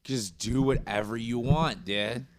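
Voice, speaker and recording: A man's voice: medium pitch, unhurried, dry recording. A man hosting a loose, slangy, casual chat and reacting to clips. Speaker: host.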